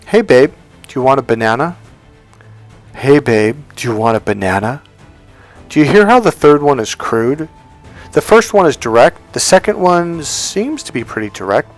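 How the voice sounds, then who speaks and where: A man giving a casual dating-advice monologue to camera, emphatic and repetitive, acting out little example lines. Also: medium pitch. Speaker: dating coach.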